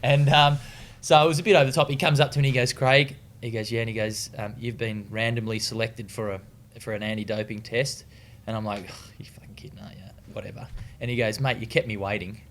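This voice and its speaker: Speaking fast with a fairly bright tone, this Australian man has a medium-pitched voice that barely moves in pitch. He's a retired distance runner guesting on a casual interview, relaxed, cursing freely and full of fillers and false starts as he tells stories.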